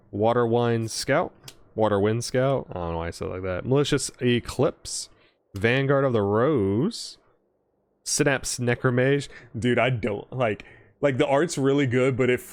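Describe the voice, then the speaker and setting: A young man casually narrating a card pack opening, reading card text aloud quickly and reacting with excitement. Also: medium pitch, no room sound. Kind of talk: casual commentary while opening card packs.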